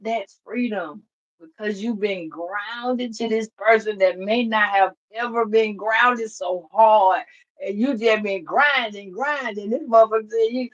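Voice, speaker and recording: A woman's voice: mid-range voice, measured pace, highs cut off. Profane, blunt woman giving a casual reading. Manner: profane, blunt and animated, laughs often. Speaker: tarot reader. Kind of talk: casual spiritual reading monologue.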